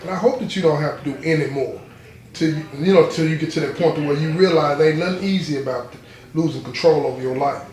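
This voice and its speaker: A man hosting a support group session, speaking in a relaxed conversational way with frequent restarts. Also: on the high side, fast talker. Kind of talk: group discussion. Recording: echoey room.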